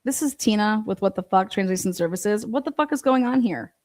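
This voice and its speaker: A woman's voice: medium pitch, lively intonation, a little fast, a little mellow. Blunt, profane woman ranting. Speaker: livestream host. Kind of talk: casual livestream chat reading viewer comments.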